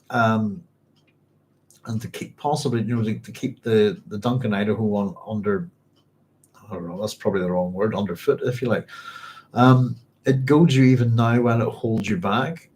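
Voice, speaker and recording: A man hosting a book club, reading passages aloud and thinking them through as he goes, often saying "if you like.". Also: lowish voice. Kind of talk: reading aloud and discussing a novel.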